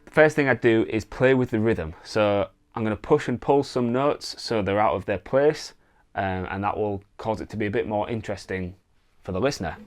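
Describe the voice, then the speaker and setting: A man teaching songwriting in a relaxed, casual way, thinking aloud and demonstrating on guitar. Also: on the low side, moderate pace. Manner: relaxed, thinks aloud with fillers, sings wordless vocal lines. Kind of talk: casual instructional talk with guitar demos. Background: acoustic guitar playing.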